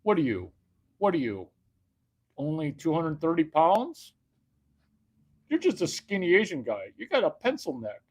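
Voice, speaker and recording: A man's voice: on the high side, wildly swooping pitch, unhurried, long pauses, darkish tone, slightly rough, pitched above the performer's own voice, full character voice. A man voicing a group of macho men who jeer and belittle a skinny guy. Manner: jeering, mocking.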